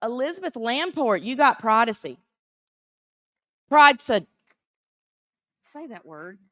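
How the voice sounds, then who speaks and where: A woman with a Southern American accent announcing prize winners at a live event, teasing and animated. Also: fairly high pitch, takes it slowly, dry recording, clean studio sound. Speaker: auction emcee.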